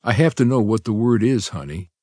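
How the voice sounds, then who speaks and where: A man voicing a calm husband who speaks quietly, firmly and reassuringly. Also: on the low side, brisk, slightly rough, no room sound, studio quality, pitched above the performer's own voice. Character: calm, firm baritone husband.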